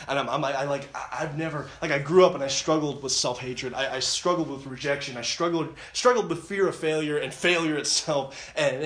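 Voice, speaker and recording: At a camp, a man with a mid-range, fairly bright voice shares an earnest personal testimony. He keeps restarting and repeating phrases as he retells his story, and the room gives off a roomy echo.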